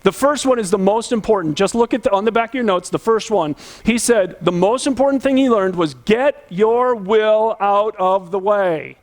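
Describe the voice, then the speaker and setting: A man's voice: high-pitched, moderate pace, few pauses. A man. He preaches with earnest emphasis and keeps turning to the congregation with direct questions. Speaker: pastor. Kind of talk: conversational sermon.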